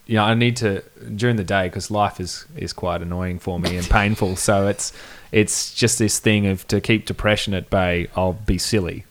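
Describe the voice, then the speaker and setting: A man's voice: sits low, steady tone, moderate pace, hardly any pauses, a little hiss or hum. A man chatting candidly and reflectively as a podcast guest. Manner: laid-back, candid and reflective. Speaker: podcast guest, band member. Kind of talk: casual podcast chat.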